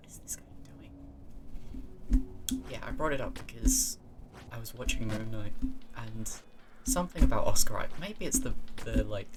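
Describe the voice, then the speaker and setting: A streamer with an English accent, chatting loosely through a game session. They ramble and curse, break off and restart sentences, and sit at a middle pitch. Loud game music plays underneath the whole time. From England, Cambridge area. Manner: rambling, swearing, self-interrupting. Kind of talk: casual gaming stream chat.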